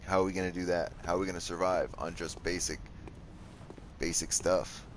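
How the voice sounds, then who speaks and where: A man's voice: low-pitched, fairly even intonation, brisk, slight background noise. A man casually commenting on his gameplay, joking, swearing and talking to the enemies on screen. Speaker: gameplay streamer. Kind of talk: casual let's-play commentary.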